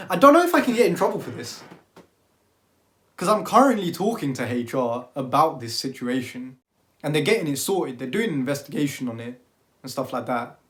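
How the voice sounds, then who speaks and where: A young man with a British accent, telling a storytime vlog in an animated, slang-filled way. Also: medium pitch. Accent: British, London slang. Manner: animated, slangy retelling with lots of "like". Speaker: vlogger.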